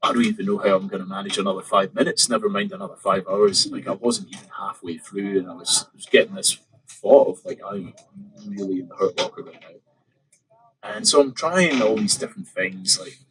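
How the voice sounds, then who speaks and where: A man with a low voice, chatting as a podcast guest. He retells a story in a lively way, acting out his own thoughts, with plenty of ums and likes. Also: brisk, poor audio. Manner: animated, retelling with quoted inner thoughts and many fillers. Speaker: podcast guest, open water swimmer. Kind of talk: casual interview storytelling.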